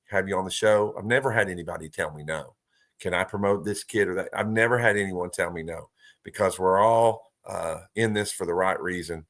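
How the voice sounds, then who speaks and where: Low-voiced man in his fifties. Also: a bit bright. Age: 50s. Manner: earnest, folksy, thankful. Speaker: host. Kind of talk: casual talk show chat.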